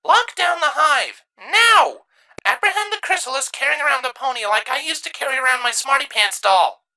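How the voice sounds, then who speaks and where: A woman's voice: fairly high pitch, big pitch swings, moderate pace, voice pushed up. A woman doing a bossy young pony princess. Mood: commanding. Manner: sarcastic, commanding.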